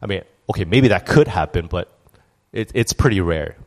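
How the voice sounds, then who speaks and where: A man's voice: deep voice, expressive, moderate pace, a little mellow. A man preaching a conversational sermon, candid and storytelling, with frequent restarts and asides. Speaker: church speaker.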